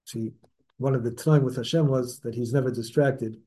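Teaching Torah to a small group, a man speaks at normal speed in a warm, mid-range voice with fairly even intonation. His style is conversational, and he fixes his wording mid-sentence and asks his listeners questions.

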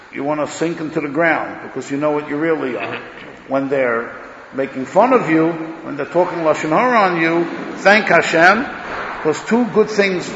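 Gravelly man giving a Torah lecture. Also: a little high, a little hiss or hum. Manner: emphatic, swings between loud declarations and muttered asides; talks loudly, says he is hard of hearing. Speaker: rabbi giving a Torah class. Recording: dull echoey hall recording.

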